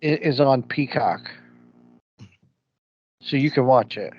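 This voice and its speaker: With a medium-pitched, slightly rough voice at a slow pace, a Midwestern American podcast co-host chats casually and bluntly, full of opinions and slang like "ain't." The audio is dull and lo-fi.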